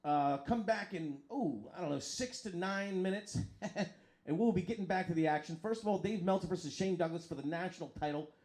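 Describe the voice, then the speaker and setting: A man hosting a live stream and commentating wrestling in an excitable, profane way that hollers at the action. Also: sits high, brisk. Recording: crowd noise and music behind.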